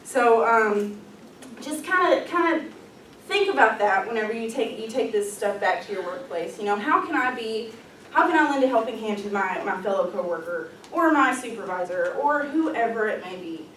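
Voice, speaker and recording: Her voice is a little high and fairly bright, moving at normal speed with lively intonation. Running a leadership workshop, she keeps things upbeat and casual, often saying um and laughing lightly, while the echoey room puts her far from the mic and a faint hiss or hum lingers.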